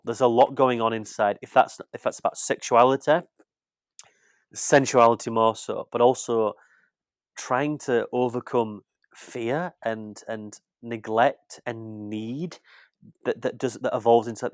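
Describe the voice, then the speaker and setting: A man's voice: mid-range voice, fairly even intonation, a little slow, no room sound, studio quality. A British man in casual podcast chat, rambling and restarting his sentences as he talks about film. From Britain. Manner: rambling, repeats words and restarts. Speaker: podcast co-host, film critic.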